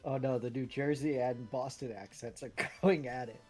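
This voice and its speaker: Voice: medium pitch, fairly even intonation, normal speed, a little mellow, breathy edge. A co-host on a game live stream, chatting casually and teasing the streamer with jokes. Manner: teasing, joking. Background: faint background music.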